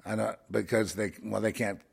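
A man rambling through a monologue, halting and repeating words, dropping to mutters and then rising into heated outbursts. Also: fairly low pitch, little pitch movement, vocal fry, husky.

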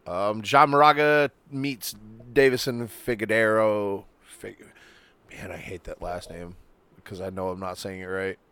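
A man co-hosting a casual fight-talk podcast, his voice going hoarse, loose and profane, stumbling over names. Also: lowish voice, fairly even intonation, unhurried, pushed and bright, no echo. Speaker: podcast co-host. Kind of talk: casual chat.

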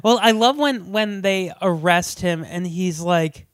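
A man's voice: high-pitched, unhurried, a bit bright, clear, resonant tone, no echo, studio quality. A man co-hosting a casual movie chat, joking and acting out the characters' lines. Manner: jokey, acts out characters' lines in silly voices. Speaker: podcast co-host.

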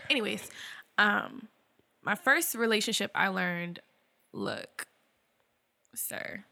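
Bright, dry-sounding young woman chatting. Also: mid-range voice, takes it slowly, gravelly, no echo. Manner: animated, playful, laughs often. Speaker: podcast co-host. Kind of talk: casual chat. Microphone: close podcast mic.

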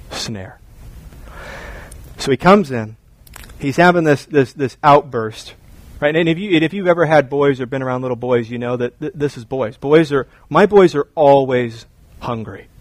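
Animated middle-aged preacher. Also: male voice, mid-range voice, no echo. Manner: animated, storytelling, repeats words. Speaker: pastor. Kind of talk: sermon.

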